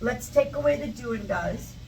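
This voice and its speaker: High-voiced teacher woman, echoey and distant. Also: animated, normal speed, a little mellow. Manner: chatty, goes off on tangents, repeats example questions. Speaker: English teacher. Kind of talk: live English lesson for Spanish speakers. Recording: static, echoey, mic far off.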